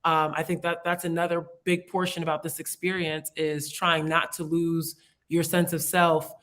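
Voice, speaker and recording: A young woman from the United States chats as an interview guest. Her voice sits low for a woman. She talks reflectively, laughs easily and leans on "like" as she works through her thoughts. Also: little pitch movement, normal speed, fairly bright tone. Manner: chatty, reflective, laughs easily, many "like" fillers. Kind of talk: casual conversational interview.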